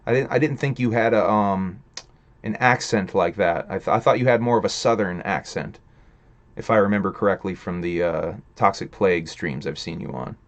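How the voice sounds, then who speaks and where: A man's voice: low voice, normal speed. A man hosting a casual livestream, rambling profanely and chatting with viewers in the chat. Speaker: livestream host reading chat.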